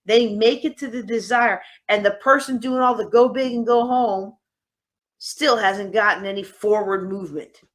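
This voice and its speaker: A woman giving a lively live conference workshop, teasing her audience with sarcasm. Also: medium pitch, moderate pace. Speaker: host and workshop speaker. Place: conference room.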